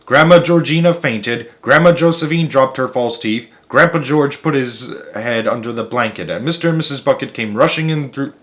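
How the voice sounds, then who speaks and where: A man's voice: mid-range voice, normal speed, hardly any pauses, fairly bright tone. Man reading a children's book aloud. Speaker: storyteller.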